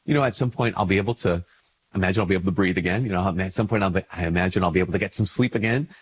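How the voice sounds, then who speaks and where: A priest with a fairly low, faintly husky voice sounds stuffed up from a cold. He reflects casually to camera in a relaxed, unhurried, personal way, raising his pitch as he acts out little everyday exchanges.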